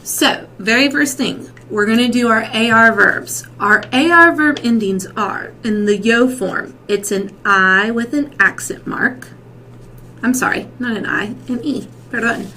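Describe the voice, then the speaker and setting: A woman walks a class through verb endings at a slow, deliberate pace. Her voice sits a little high, and she keeps checking in with the class. A faint hiss of noise runs under the recording. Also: bright, forceful tone, low-quality recording. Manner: slow, patient, repeats and checks with "okay?". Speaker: Spanish teacher. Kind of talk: classroom lesson.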